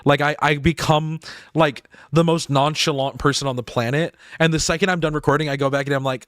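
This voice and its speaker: A young adult man chatting casually on a game stream, rambling with lots of fillers and quick laughs. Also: on the high side, steady tone, fairly bright tone, dry recording, clean studio sound. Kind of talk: casual live-stream chat.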